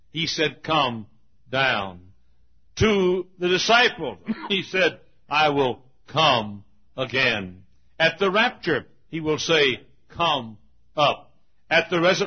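A husky-voiced man preaches from a church pulpit in a rising, rhythmic cadence, driving through repeated refrains and then dropping to a near hush. His voice sits a little high for a man and comes through a dull, lo-fi sermon recording. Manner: rhythmic preaching with repeated refrains, swinging from loud calls to hushed asides. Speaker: pastor. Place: church auditorium.

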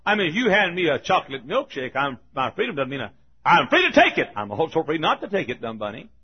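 Older male preacher, husky, folksy and chuckling, lively ups and downs in pitch; dull lo-fi sermon recording. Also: fast. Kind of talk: sermon storytelling.

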